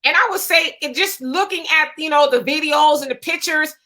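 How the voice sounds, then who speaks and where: A woman's voice: sits high, moderate pace, sharp tone. A woman hosting a casual interview, chatty and full of fillers as she asks questions. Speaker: host.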